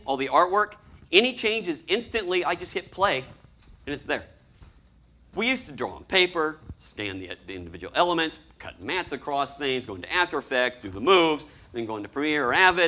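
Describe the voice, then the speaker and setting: A man giving a lively talk to an audience as a storyboard artist, acting out scenes as he explains them. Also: fairly high pitch. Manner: animated, acts out scenes and voices.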